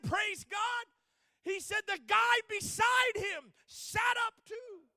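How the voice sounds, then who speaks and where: A man with a strikingly high voice delivers a sermon as a dramatic story. He plays out the voices of the people he tells about. The sound is close and dry, with no room echo. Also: steady tone, slow pace, pushed and bright, raised voice. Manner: dramatic storyteller acting out quoted speech. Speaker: preacher.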